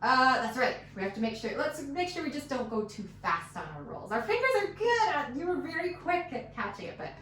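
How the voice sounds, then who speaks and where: A woman's voice: high-pitched, big pitch swings, brisk, hardly any pauses, a bit bright. Encouraging woman fiddle teacher, echoey room. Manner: encouraging, patient, counts beats aloud. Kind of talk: one-on-one music lesson. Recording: echoey room, mic at a distance. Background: fiddle playing.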